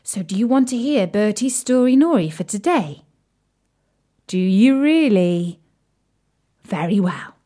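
A young woman telling a children's story in a playful, animated way, sometimes dropping to a whisper. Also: mid-range voice.

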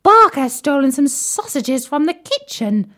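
A woman voicing a tiny, anxious tadpole in a children's storybook, with a squeaky voice. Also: big pitch swings, normal speed, fairly bright tone. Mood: alarmed.

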